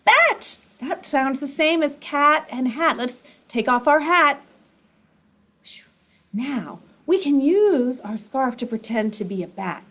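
A woman with a high, light voice leads a children's sing-along activity lesson. She takes her time with each phrase and keeps cheering on the little ones watching at home. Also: expressive, fairly bright tone. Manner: encouraging, speaks slowly and directly to young children. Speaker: children's program host.

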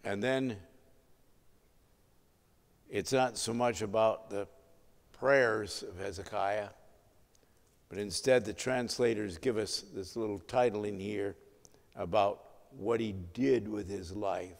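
A man preaching at an unhurried, deliberate pace, his mid-range voice ringing through a church sanctuary with a long reverb trailing each phrase. He tells the story like a seasoned pastor, letting the voice swell and sink to drive home each point. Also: on the low side, gravelly. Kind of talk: sermon.

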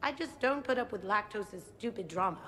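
Brief: playful deadpan thief, reverberant sound, game dialogue. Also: female voice, mid-range voice, a little fast, slight background noise. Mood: wry. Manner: deadpan humor. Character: playful young female thief, wry. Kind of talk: video game voice acting.

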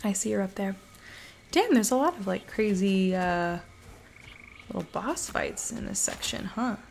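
A woman casually commenting on her own game playthrough, chatty, profane, and quick to mock the characters. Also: medium pitch, animated, gravelly, a little mellow, a little hiss or hum. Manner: chatty, swearing, laughing, voices characters mockingly. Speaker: let's play gamer.

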